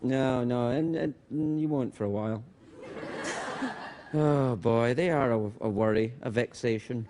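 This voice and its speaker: A man's voice: medium pitch, mellow, a little hiss or hum. A Scottish man in his fifties hosting a late-night talk show, joking and ad-libbing with a guest. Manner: playful, quick ad-libbing. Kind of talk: comic talk show banter. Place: TV studio with audience.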